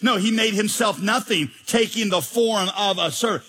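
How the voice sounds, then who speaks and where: A man's voice: sits high, normal speed, pushed and bright, breathy edge. A male pastor preaching a sermon with emphatic delivery, rhetorical questions and jokes.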